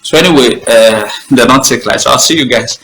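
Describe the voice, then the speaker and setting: A man's voice: mid-range voice, fairly quick, a bit bright, reverberant, rough recording. A middle-aged Nigerian man with an Edo accent, hosting a heated live talk show in an emphatic, impassioned way. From Nigeria, Benin. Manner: emphatic, impassioned, talks over himself. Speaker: host.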